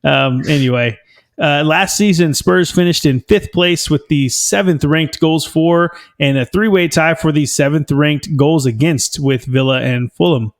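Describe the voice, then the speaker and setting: A man with a somewhat high-pitched voice co-hosts a casual sports podcast. He rambles enthusiastically, stopping and restarting his thoughts with plenty of ums. His talk sounds like relaxed chat at a home podcast setup. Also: unhurried. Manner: rambling, filler-heavy, enthusiastic fan talk. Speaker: podcast co-host.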